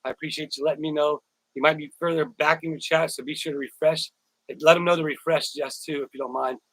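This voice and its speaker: A man's voice: a little high, steady tone, quick pace, fairly bright tone, dry recording, poor audio. A man hosting a casual live stream, rambling, repeating words and thanking viewers by name. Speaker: YouTuber live-stream host.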